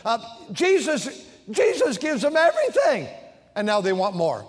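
High-voiced impassioned male preacher. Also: wildly swooping pitch, measured pace. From United States. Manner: impassioned preaching, swings from shouts to hushed tones. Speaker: pastor. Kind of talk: sermon. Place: large church sanctuary. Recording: long hall reverb in a church.

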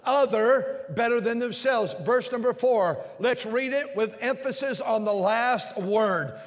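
A man preaching an impassioned sermon, swinging between shouts and quiet lines. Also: extremely high pitch, a little slow. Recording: long hall reverb.

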